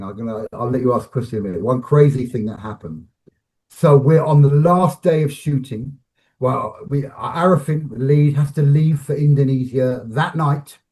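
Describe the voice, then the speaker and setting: A man, a film director and actor, telling animated stories about a shoot in an interview, restarting phrases as he acts out scenes. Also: mid-range voice. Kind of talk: animated anecdotal storytelling.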